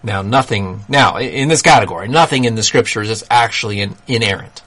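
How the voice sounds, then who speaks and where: A man hosting a solo talk, explaining ideas in a measured, critical way with dry asides. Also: fairly low pitch, a bit bright. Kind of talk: solo commentary monologue.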